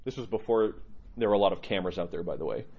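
A middle-aged man, an Orthodox priest, telling candid personal stories with laughs and halting restarts. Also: low-pitched, muffled recording, a little hiss or hum. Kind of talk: personal storytelling talk.

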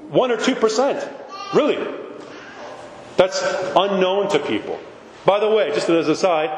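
A male priest preaching a blunt, animated sermon with mocking asides. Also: high voice. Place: church. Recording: echoey hall from far off.

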